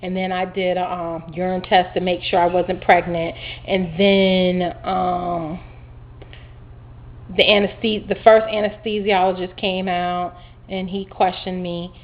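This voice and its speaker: A woman casually recounting her surgery day to the camera, chatty and animated, with lots of fillers. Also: on the low side, takes it slowly. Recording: dull lo-fi home video audio.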